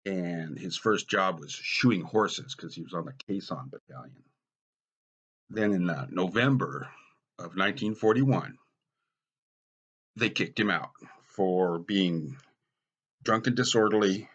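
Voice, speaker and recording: A middle-aged American man with a low, husky voice tells personal stories in a dry, deadpan way. His tone is bright and forceful, and the humor stays wry. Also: slow pace, long pauses, muffled recording. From United States. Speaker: storyteller. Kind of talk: stand-up style personal storytelling.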